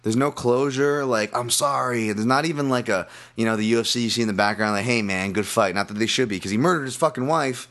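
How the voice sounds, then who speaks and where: A man hosting a fight-analysis podcast, ranting with lots of swearing and restarts, then settling into a calmer betting breakdown. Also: mid-range voice, fast talker, hardly any pauses. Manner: profane, animated ranting with many restarts. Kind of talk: casual ranting podcast talk.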